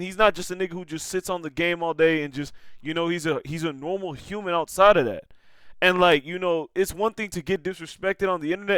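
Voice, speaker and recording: Smooth-voiced young man reacting casually. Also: fairly high pitch, fairly bright tone, no echo. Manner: slangy, repetitive, keeps saying bro. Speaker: streamer reacting to a clip.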